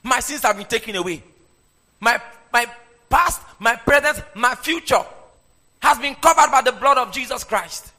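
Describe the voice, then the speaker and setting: A man's voice: extremely high pitch, normal speed. A man preaching a sermon and having the congregation repeat his lines back to him. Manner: animated preaching, leads the congregation in call-and-response. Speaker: pastor. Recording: echoey hall with long reverb.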